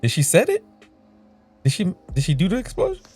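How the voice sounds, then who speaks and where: A man hosting a reaction show, hyping up and tossing in quick remarks about the story. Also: sits high, huge pitch swings. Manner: hyped, quick interjections. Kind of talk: reaction commentary. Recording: off-mic over loud music.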